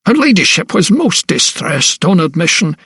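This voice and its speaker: A man's voice: sing-song, normal speed, bright, forceful tone, slightly rough, no room sound, studio quality, heavily acted. A man voicing an elderly male asylum principal who is arrogant and dismissive, speaking in a raised, condescending tone in an audiobook. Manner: condescending, pitched higher.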